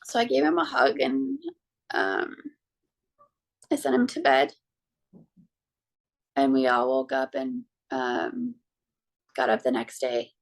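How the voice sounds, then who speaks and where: A woman in her thirties or forties, a podcast guest and mother, telling a personal story in a halting way with frequent ums and restarts. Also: extremely low pitch, expressive, gravelly. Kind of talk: personal story told in an interview.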